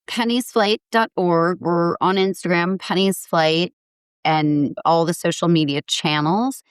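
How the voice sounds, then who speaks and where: An earnest woman in her forties speaks as a podcast guest, upbeat and warm in her phrasing. Her voice sits fairly low, and the recording is dry with no room sound. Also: measured pace, smooth, no echo. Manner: upbeat, earnest, acts out quotes brightly. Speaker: guest, foundation founder. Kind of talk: podcast interview.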